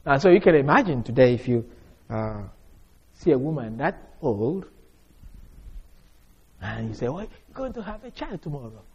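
A man teaching through a Bible passage verse by verse, leaning hard on key words and dropping to a quiet aside, often restarting his phrases. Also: mid-range voice, slightly rough, dull audio. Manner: emphatic, stretches key words, swings from loud to soft. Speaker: preacher.

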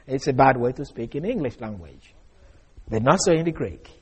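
A man preaching an expository sermon, explaining scripture in a measured, emphatic way with frequent fillers. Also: mid-range voice, lively intonation, husky, lo-fi sound. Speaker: preacher teaching Bible study.

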